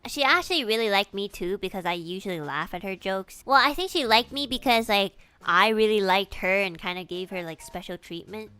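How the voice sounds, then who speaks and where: A young woman streamer tells a casual story in an animated, lively way, cursing freely and breaking into laughs. Her voice is bright and forceful, and faint music plays underneath. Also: medium pitch, fairly quick, few pauses, clear, resonant tone.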